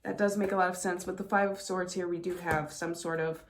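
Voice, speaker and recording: A young adult woman giving a casual tarot reading, talking excitedly with emphatic bursts and laughs. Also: fairly low pitch, brisk, slight background noise. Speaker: intuitive tarot reader.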